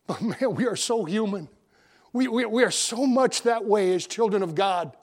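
Brief: male pastor, high-pitched voice, folksy and earnest, preaching from the pulpit. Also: lively intonation, normal speed. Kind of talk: sermon with opening prayer. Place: church auditorium.

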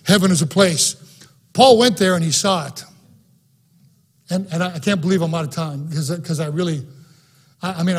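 A man delivers a sermon with a husky, slightly rough tone. His voice sits high for a man. He preaches with fervor, repeating phrases for emphasis. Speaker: pastor. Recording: broadcast sermon.

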